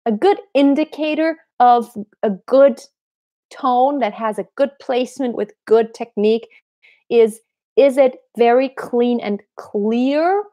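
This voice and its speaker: A woman vocal coach answering viewer questions in a relaxed, explanatory way, breaking into short sung examples. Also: a little high, slow pace. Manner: explanatory, demonstrates with sung snippets.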